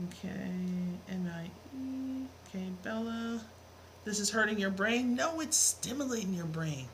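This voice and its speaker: A woman's voice: medium pitch, lively intonation, measured pace. Woman math teacher on a live stream, chatty and playful, greets viewers by name, faint room hum behind. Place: home room with a fan running.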